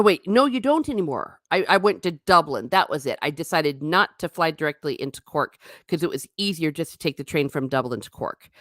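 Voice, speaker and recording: A middle-aged woman rambles casually on her livestream, going through comments from chat with animated pitch swings. It's a dry recording of studio quality.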